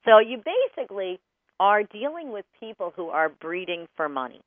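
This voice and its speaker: A woman dog trainer hosting a radio talk show, bubbly and animated, laughing often. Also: mid-range voice, normal speed, dry recording. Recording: tinny phone-like line, dry.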